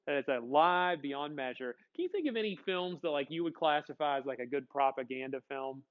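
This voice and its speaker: A man's voice: on the high side, animated, brisk, highs cut off. Chatty male teacher joking with class. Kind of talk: classroom lecture.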